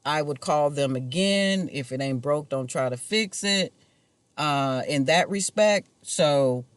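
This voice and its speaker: A man's voice: on the high side, no room sound. A man talking to camera in a rambling personal monologue, casual and musing, chuckling to himself now and then. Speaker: vlogger.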